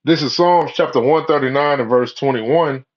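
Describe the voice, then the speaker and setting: A man's voice: medium pitch, moderate pace. A man in a rambling, profane, preachy monologue, full of "you know" and "man" fillers. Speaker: religious commentator. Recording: dull lo-fi audio.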